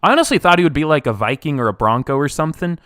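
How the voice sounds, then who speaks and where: Young guy streaming, mutters then yells at chat, voice getting tired, dry close sound. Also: on the high side, very animated, racing, no room sound. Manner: reads and answers chat, swings from mumbling to loud outbursts. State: voice wearing out. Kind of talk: casual live-stream reaction.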